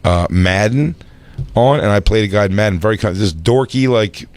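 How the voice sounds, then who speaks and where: Male co-host, lowish voice, rambling profane anecdotes. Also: animated, normal speed, a little mellow. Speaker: podcast co-host. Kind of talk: casual chat.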